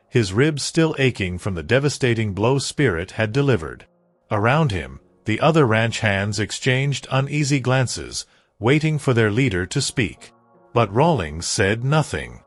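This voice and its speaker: A man narrating a dramatic story in a slow, scripted storytelling manner. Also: lowish voice, dry recording.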